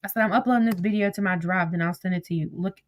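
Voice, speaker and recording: A woman's voice: fairly low pitch, quick pace. A woman talking casually as she reads her text messages aloud. She is chatty and profane, laughs often and wanders off topic. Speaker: commentator.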